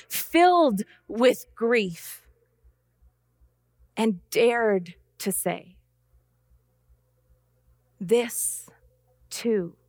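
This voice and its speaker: A woman preaching a sermon with a measured, solemn, repetitive cadence. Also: on the high side, a bit bright, dry recording, clean studio sound.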